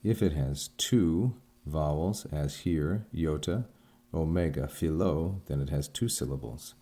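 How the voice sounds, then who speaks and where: A man teaching a recorded language lesson, explaining sounds and syllables one by one in a measured, careful way. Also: extremely low pitch, dark tone. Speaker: Greek teacher.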